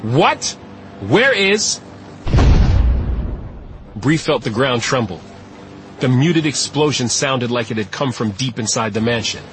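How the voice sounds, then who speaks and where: A man's voice: medium pitch, noisy background. Man narrating an audiobook. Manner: steady, measured storytelling. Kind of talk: scripted narration.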